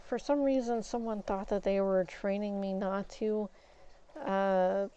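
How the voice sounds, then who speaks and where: A woman streamer talks her way through a game in an unhurried, rambling way, frank and quick to curse mildly. Her voice is mellow and smooth, and the stream audio sounds a bit dull and lo-fi. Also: mid-range voice, steady tone. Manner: rambling and candid, with mild swearing. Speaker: gaming streamer. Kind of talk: casual chat while playing a game.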